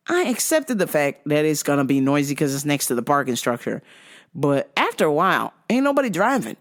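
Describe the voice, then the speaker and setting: A woman's voice: low-pitched, fairly quick. A woman hosting a podcast, telling a casual story monologue full of swearing, with mimicked sounds and quoted outbursts. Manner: profane, animated, mimics sounds. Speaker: podcast host.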